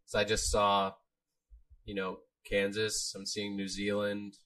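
Upbeat low-voiced co-host man. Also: monotone, a little slow, a bit bright. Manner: upbeat, listing viewer locations. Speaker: co-host reading the chat. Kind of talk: casual livestream chat.

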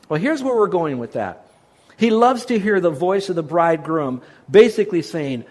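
Man, pastor, slightly high voice, conversational sermon, sudden loud emphasis. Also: big pitch swings, brisk. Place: island church.

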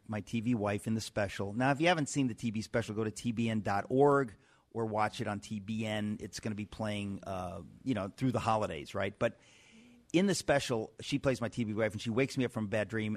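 A man from New York hosting a radio talk show, telling stories in a lively, animated way with many restarts. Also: on the low side. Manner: animated storytelling with frequent restarts. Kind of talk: casual radio chat.

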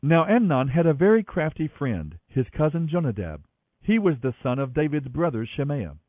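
A man narrates scripture in an animated, expressive reading style. His voice sits a touch high and moves widely in pitch. The sound is thin and phone-like, with a dry, close feel. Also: moderate pace, no room sound. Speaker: Bible reader, podcast host. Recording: tinny phone-like audio, dry.

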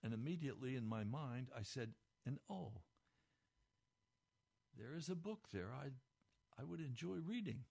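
A man giving a radio devotional, speaking fervently, his pitch climbing when moved, recorded in a radio studio. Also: expressive, moderate pace, creaky, long pauses, warm tone, husky. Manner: fervent, rising pitch with emotion. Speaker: radio preacher.

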